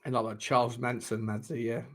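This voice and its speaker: A man hosting a live football watchalong, reacting to the match in excitable, sweary commentary and shouting at the referee. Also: medium pitch, normal speed.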